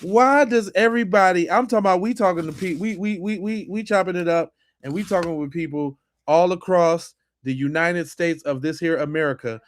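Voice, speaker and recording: A man with a fairly high voice hosts a casual podcast. He is animated and sarcastic, repeating phrases for emphasis. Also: a little fast, few pauses. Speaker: podcast host.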